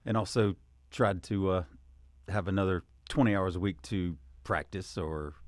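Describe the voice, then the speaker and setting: Low-voiced male guest, relaxed and wry, close dry mic. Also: normal speed, dry recording. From South Carolina, USA. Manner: easygoing, wry, dry humor. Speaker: musician guest. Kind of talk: casual interview chat.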